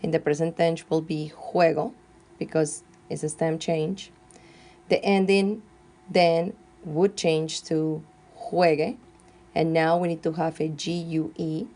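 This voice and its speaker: A woman teaching Spanish grammar, slowly and carefully dictating verb forms one at a time. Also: low voice, little pitch movement, mellow. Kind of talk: classroom grammar lesson.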